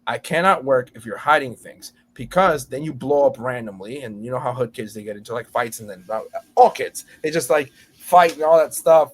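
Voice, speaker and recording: A man talking as a podcast guest about teaching kids to speak, lively and acting out voices of students and teachers. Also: medium pitch, moderate pace. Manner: animated, acts out students and teachers in exaggerated voices. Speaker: podcast guest, school storytelling educator. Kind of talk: casual podcast conversation.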